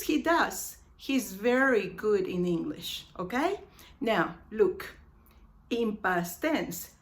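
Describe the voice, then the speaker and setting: A woman whose native language is Spanish teaches an English grammar lesson, slowly repeating each example sentence and adding asides in Spanish. Her voice is on the high side.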